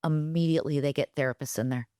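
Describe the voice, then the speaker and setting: A middle-aged woman with a low voice co-hosts a casual podcast chat. She talks frankly and swears freely. The sound is dry and close, with no room echo. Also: fairly even intonation, fast talker, dark tone, clean tone. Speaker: podcast co-host.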